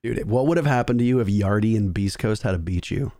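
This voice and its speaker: A man hosting a casual esports chat, animated and profane, mimicking players as he talks. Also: lowish voice, fast, no room sound, clean studio sound.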